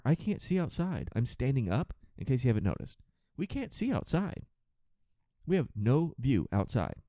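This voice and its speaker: A man's voice: medium pitch, dark tone, no echo, studio quality. A man hosting a solo podcast, ranting with sarcastic, profane exasperation about his work as a flight attendant.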